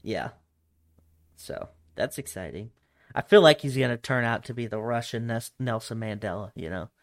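A young man chats loosely on a podcast, swearing freely and laughing between his rambling thoughts. His voice sits at an ordinary middle pitch. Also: animated, moderate pace, gravelly. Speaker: podcast co-host. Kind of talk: casual chat.

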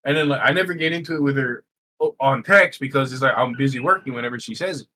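A man co-hosting a podcast, telling a family story in a casual, animated way with lots of fillers and swearing. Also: medium pitch, fast talker, poor audio. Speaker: podcast co-host. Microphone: game console headset. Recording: faint noise, home recording.

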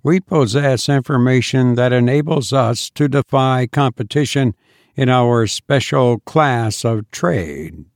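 A man's voice: mid-range voice, dry recording, clean studio sound. A man reading aloud, voicing a suave, polite, sinister undertaker in a storybook reading. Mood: suave, pleasant. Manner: suave, pleasant, measured.

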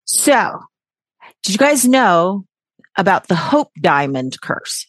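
A woman's voice: medium pitch, big pitch swings, slow, no room sound. A woman hosting a podcast in casual chat, brash and jokey, swearing freely with sarcastic asides. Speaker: podcast host.

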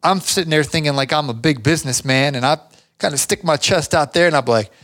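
A man's voice: fairly high pitch, fast. A man hosting a podcast, telling a story casually and acting out the lines of the people in it. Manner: animated, acts out other people's lines. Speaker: podcast host.

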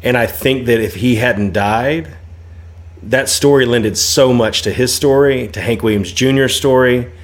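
A man's voice: mid-range voice, unhurried. Easygoing man co-hosting a chat. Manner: easygoing, laughs often. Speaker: co-host. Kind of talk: casual chat.

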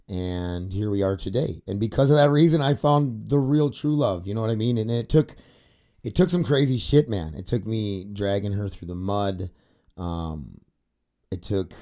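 A man's voice: on the low side, mellow. A young man talking candidly in a confessional vlog, rambling, swearing, with many fillers, tearful at times. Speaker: podcaster. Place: indoor studio set facing a camera.

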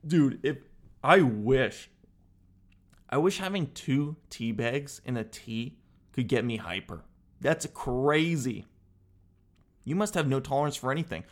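A man's voice: mid-range voice, measured pace, pauses often. A man with an ordinary mid-range voice works himself up in a comedic monologue. He sounds exasperated and amused at once, swears freely and keeps addressing the listener as "dude.". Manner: animated, exasperated, peppered with "dude"; swears casually. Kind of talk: comedic rant.

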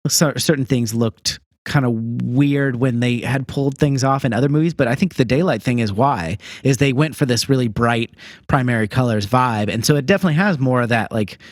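A man co-hosting a casual comedy podcast, jokey and animated, reading out contact details and thanking patrons. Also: medium pitch, a little fast, no echo, studio quality. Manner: animated, jokey, lots of fillers. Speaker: podcast co-host.

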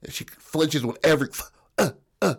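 A man's voice: fairly high pitch, lively intonation, moderate pace, vocal fry, breathy edge. Profane rambling storyteller man. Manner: rambling, profane, peppered with "bro" and "right?". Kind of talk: crude improvised comic storytelling.

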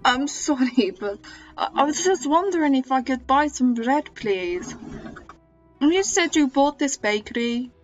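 A woman's voice: high voice, lively intonation, measured pace, faint music behind. Pushy woman player, dull lo-fi sound. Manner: pushy, insistent. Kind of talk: in-character tabletop play. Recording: dull lo-fi audio.

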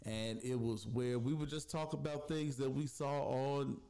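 A man in the middle of the pitch range tells how his podcast came to be. He talks in a loose, chatty way with plenty of fillers. He slips into quoted asides now and then. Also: fairly even intonation, measured pace, creaky, mellow. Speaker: podcast host. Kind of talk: casual storytelling.

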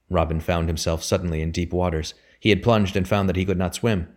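Deep-voiced man reading a novel. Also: steady tone, brisk, few pauses. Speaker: audiobook reader. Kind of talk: scripted narration.

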